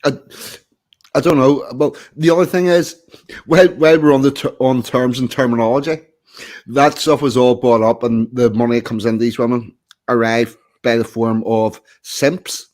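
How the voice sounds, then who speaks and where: A man chatting casually on a stream, explaining a point with dry, deadpan jokes. His voice sits at an ordinary middle pitch. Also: normal speed. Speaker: stream co-host. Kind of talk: casual chat.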